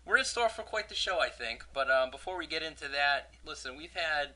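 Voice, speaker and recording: Guy hosting a fantasy sports podcast, super bright voice, jokey ranting. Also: a little high, lively intonation, brisk. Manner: joking, ranting about a pet peeve. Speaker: podcast host. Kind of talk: casual podcast chat.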